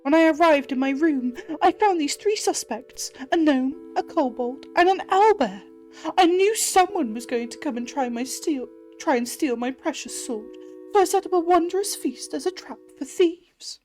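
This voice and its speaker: A woman's voice: animated, moderate pace, a little mellow, faint music behind. A woman voicing a dramatic, fussy female mouse who begs heroes for help, in a theatrical, pleading manner. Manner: theatrical, pleading, high-pitched.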